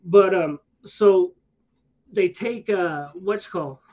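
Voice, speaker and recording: Man, high-pitched voice, rambling casual storyteller, slangy asides, muffled lo-fi audio. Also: takes it slowly. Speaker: streamer. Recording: dull lo-fi sound.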